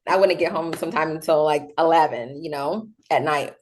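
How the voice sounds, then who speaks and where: A woman's voice: deep voice, moderate pace, a little hiss or hum. A young adult woman, a guest in a casual interview, telling her story with many fillers and acting out the voices of others. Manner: animated, acts out quoted voices, many fillers.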